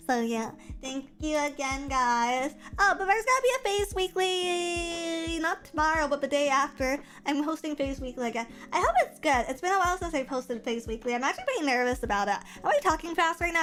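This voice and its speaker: A woman's voice: high-pitched, fairly bright tone. A young woman streamer chatting casually and playfully, with lots of silly vocal play. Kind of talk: casual chat. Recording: faint music behind.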